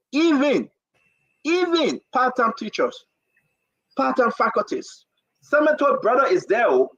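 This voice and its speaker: The recording is dry, with the highs cut off. A talk show host with a high voice and a Liberian accent launches into heated political commentary, repeating himself with the cadence of a preacher.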